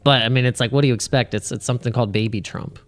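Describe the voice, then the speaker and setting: A man's voice: mid-range voice, fairly even intonation, very fast. Guy rambling on a crypto livestream, chatty, keeps restarting, some faint music behind. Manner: rambling, restarts often, laughs at own jokes. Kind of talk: casual livestream chat.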